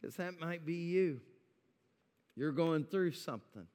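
A man preaching a sermon in a church, his voice swelling with feeling on quoted words of God and dropping low and intimate between them. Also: measured pace, darkish tone, long reverb tail. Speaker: pastor. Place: church sanctuary.

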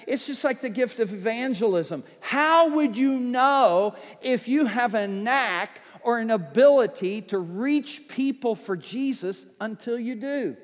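Pastor, male, high voice, chatty sermon delivery that swells to fervent shouts, church hall with long reverb. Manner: conversational, builds to fervent shouting. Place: church auditorium.

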